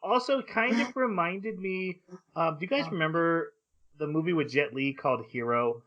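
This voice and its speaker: A man co-hosting an anime podcast in casual chat, excitable and quick to laugh, often stumbling into restarts. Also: a little high, highs cut off. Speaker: podcast co-host.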